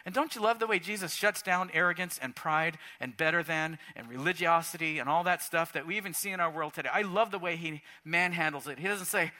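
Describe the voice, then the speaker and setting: A middle-aged man preaching a sermon in a church, animated and swinging between quiet talk and shouts. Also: sits high, brisk. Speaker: pastor. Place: church sanctuary.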